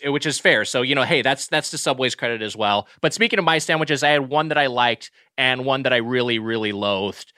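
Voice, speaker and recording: A man co-hosting a podcast, chatting casually about fast food with lots of restarts and emphatic complaints. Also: mid-range voice, sharp tone, no echo, studio quality. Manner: rambling, restarts often, emphatic. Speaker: podcast co-host. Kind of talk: casual comedic food review chat.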